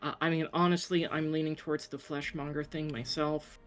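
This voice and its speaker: A woman's voice: deep voice, little pitch movement, a little fast, soft background music. Hesitant woman player at a tabletop game. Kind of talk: tabletop role-play chat.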